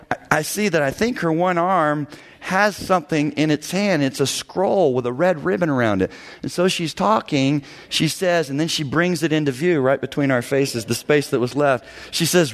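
A middle-aged man, a pastor and counselor, preaching a sermon with animated storytelling and quick impressions of the people he describes. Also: medium pitch.

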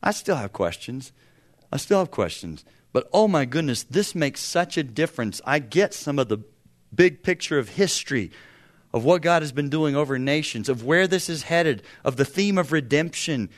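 Man in his fifties, pastor, sermon, chatty and funny, punchy emphasis, slightly high voice. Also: very animated, normal speed. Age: 50s. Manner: conversational, humorous storytelling with sudden bursts of emphasis.

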